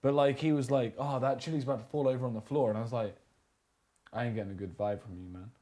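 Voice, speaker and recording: A man's voice: mid-range voice, fairly even intonation, fast, warm tone. A man hosting a casual chat, telling a rambling story and swearing casually. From England. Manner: rambling, swears casually, laughs at own stories.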